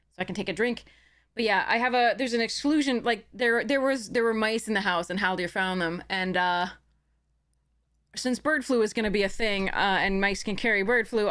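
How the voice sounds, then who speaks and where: A woman's voice: mid-range voice, a bit bright. A woman streamer chatting casually to her live audience, rambling with many fillers and restarts. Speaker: game streamer.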